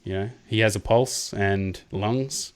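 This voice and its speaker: A man talks over a game on a casual sports podcast, his voice sitting a touch low. He slips into jumpy mock voices when he acts out a call, then drops back to easy chat. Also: takes it slowly, clean tone. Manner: animated, mimics referees with jumps in pitch. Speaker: podcast co-host.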